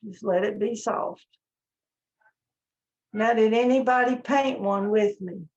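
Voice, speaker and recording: A woman teaching a live painting class, talking gently step by step as she works. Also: medium pitch. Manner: slow, gentle step-by-step instruction. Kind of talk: live online painting lesson. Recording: dull lo-fi stream audio.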